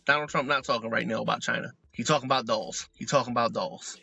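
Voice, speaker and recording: A man co-hosting a comedy podcast, talking in an animated, profane, joking way. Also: medium pitch, quick pace, creaky, slightly rough, highs cut off. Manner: animated, profane, joking, does mock voices in asides. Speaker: podcast co-host. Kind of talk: casual comedic commentary. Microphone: remote recording, close mic.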